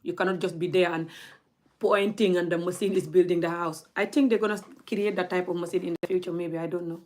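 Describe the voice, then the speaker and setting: A woman's voice: lowish voice, fairly even intonation, a little fast, a little mellow. A young woman, scolding her audience in a blunt, heated rant straight to camera. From Gambia. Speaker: vlogger.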